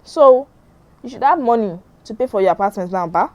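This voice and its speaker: A woman's voice: on the high side, expressive, brisk, darkish tone, dry recording, natural voice. A woman voicing an angry, scornful wealthy woman throwing her rival out of the house. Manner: scornful, scolding.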